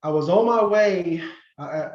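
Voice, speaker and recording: A middle-aged man tells long stories as a podcast guest, rambling with fillers and restarts. His voice sits fairly high for a man. The sound is roomy and a little muffled. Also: unhurried, darkish tone. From North Carolina, USA. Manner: rambling, many fillers and restarts, acts out quoted people. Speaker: podcast guest, former wrestler. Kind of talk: casual interview storytelling.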